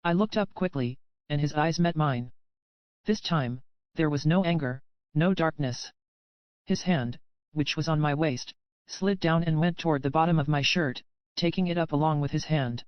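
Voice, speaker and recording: A man narrates a dark romance audiobook in the first person, in an even, unhurried way. His voice is smooth and a little high. The recording is dry and slightly dull. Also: dry recording.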